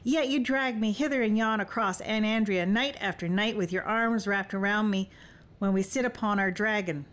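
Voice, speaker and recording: A woman narrator uses her natural, mid-range voice at normal speed to play a fierce, teasing young warrior in audiobook dialogue. The character sounds determined and speaks in a bold, playful, old-fashioned way.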